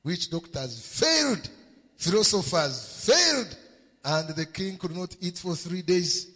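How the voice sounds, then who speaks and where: Husky male preacher, slow and swoopy, call and response, long hall echo. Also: sits high, expressive, bright, forceful tone. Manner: emphatic, rising and repeating refrains. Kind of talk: sermon storytelling with call and response.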